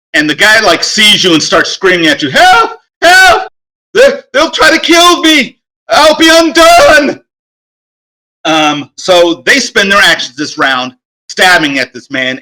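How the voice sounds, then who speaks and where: A man runs a tabletop game as game master, his voice bright and a little high for a man. He narrates the scene in a halting way, full of fillers and restarts.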